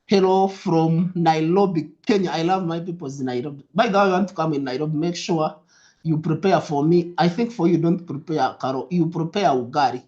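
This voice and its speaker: A man's voice: a little high, brisk. Man, young adult, trading mentor, live-stream chat, upbeat, repetitive, dull lo-fi audio. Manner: upbeat, repetitive, drops into soft asides. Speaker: trading mentor hosting a livestream.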